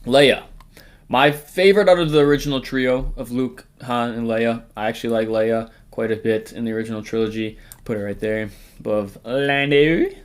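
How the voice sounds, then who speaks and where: A man's voice: medium pitch, steady tone, normal speed, clean tone. A man hosting a casual tier-list ranking, talking in a rambling, jokey way, swearing often and sometimes trailing off into mumbles and whispers. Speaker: host.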